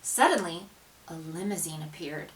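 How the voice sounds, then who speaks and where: A woman reading a children's picture book aloud, with expressive, dramatic narration and hushed asides. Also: low voice, normal speed, distant mic, slight background noise, low-quality recording. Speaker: storybook reader.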